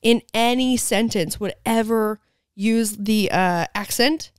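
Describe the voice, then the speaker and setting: A woman hosts a casual podcast from the living room of her parents' house, chatting and reading an ad, teasing and blunt with frequent giggles. Her voice is a little high, slow, and smooth, recorded at studio quality with no echo.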